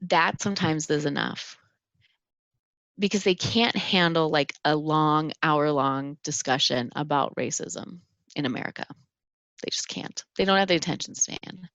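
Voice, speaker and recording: A woman in her thirties hosts a solo podcast in a low, grounded voice. She talks earnestly and haltingly, restarting her sentences often. The sound is dry and a little dull. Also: a bit bright, no room sound. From Minnesota. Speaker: podcast host. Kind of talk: reflective solo podcast talk.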